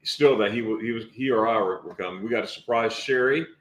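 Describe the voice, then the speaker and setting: A man's voice: lowish voice, echoey room. A man appearing as a guest on a casual livestream, telling a story and often repeating himself as he goes. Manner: storytelling, halting with many repeats.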